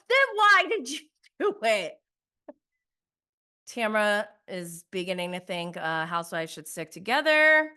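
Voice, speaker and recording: A woman's voice: mid-range voice, very animated, a little slow, bright, forceful tone, clear, resonant tone. A young adult woman giving a casual, gossipy recap of a reality show, laughing often and acting out contestants' lines.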